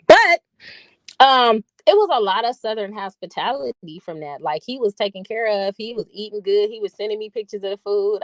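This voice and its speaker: On her vlog, a woman with a lowish voice spins rambling, foul-mouthed stories, chatting easily and laughing at her own asides. The recording is dry.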